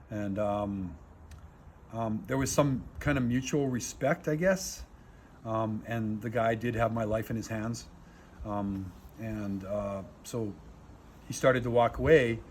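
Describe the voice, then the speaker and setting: A man recounts his story in a loose, rambling way, full of fillers and the odd curse. His voice sits at an ordinary middle pitch. He talks outdoors with faint noise behind him. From Canada. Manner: rambling, animated, many fillers, swears. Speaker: aid worker telling a war story. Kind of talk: casual storytelling in an interview. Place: outdoors in a war zone.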